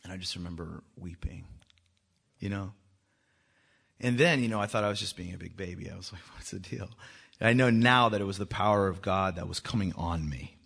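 A man with children, a worship leader giving a joking testimony talk to a church that rises into loud, urgent exhortation. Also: low voice, fast, vocal fry, husky. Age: adult with children. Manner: joking, self-mocking, often laughing.

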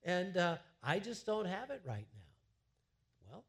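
In a church sanctuary, a middle-aged pastor delivers a sermon slowly, his high-sitting voice slightly rough. He sounds conversational and animated, restarting frequently as he goes.

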